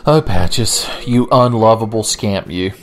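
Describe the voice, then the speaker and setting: A man's voice: fairly low pitch, a little slow. A young man giving sardonic, profane, rambling gameplay commentary. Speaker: let's play commentator.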